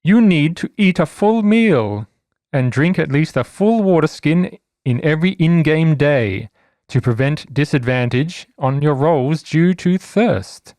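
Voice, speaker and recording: A man running a tabletop game, reading out the rules clearly with dry asides. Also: fairly high pitch, animated, unhurried, a little mellow, no echo. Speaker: game master. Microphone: podcast microphone.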